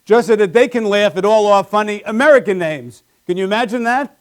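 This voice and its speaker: A man's voice: sits high, fairly quick. A man doing a live stand-up routine with wry, self-deprecating punchlines on a small comedy stage.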